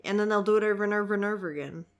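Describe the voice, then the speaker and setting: A woman's voice: mid-range voice, racing. Chatty giggly young woman reviewing manga. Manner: chatty, giggly, easily amused. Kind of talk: casual chat reading manga aloud.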